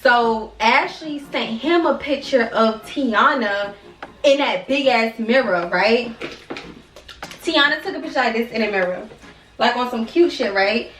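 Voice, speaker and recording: A young woman in her twenties telling a storytime vlog in an animated, slangy, profane way. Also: on the high side, unhurried. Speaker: vlogger. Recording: echoey room from a distance, faint music.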